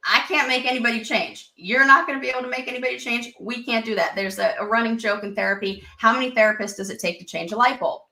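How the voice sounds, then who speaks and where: Therapist lady chatting on a podcast, acts out voices, kinda echoey room, bright sound. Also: a little high, quick pace, hardly any pauses. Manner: animated, acts out quoted inner voices, swears casually. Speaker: licensed marriage and family therapist, guest. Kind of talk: casual podcast conversation.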